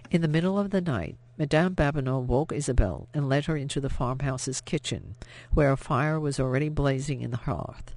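A man reading an audiobook in scripted narration, measured and even. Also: medium pitch, no echo.

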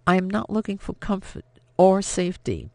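A man voicing a headstrong young woman of nineteen, impassioned and sharp as she stands up to her father. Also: sits high, big pitch swings, moderate pace, creaky, no echo, voice pushed up, exaggerated voice. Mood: defiant.

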